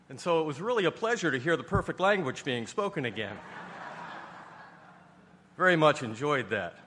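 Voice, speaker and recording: A man from New York preaches to his congregation in a folksy, chatty way that builds to emphatic passages. His voice is bright and forceful. It rings with long reverb through a large hall. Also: fairly high pitch. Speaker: pastor. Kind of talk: sermon.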